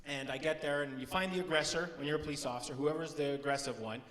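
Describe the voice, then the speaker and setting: Middle-aged Canadian stand-up comic, bright and lively, stage mic in a big echoey hall. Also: male voice, fast. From Timmins, Ontario, Canada. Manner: animated, swings into high shouted character bits. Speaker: stand-up comedian. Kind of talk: stand-up storytelling. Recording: roomy hall with long reverb.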